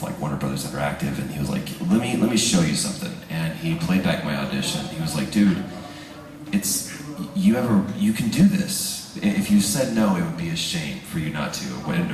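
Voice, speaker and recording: A man, a voice actor, telling jokey, animated stories on a live convention panel and laughing often. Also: very deep voice, brisk. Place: large convention room with audience. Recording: echoey hall, audience noise, from far off.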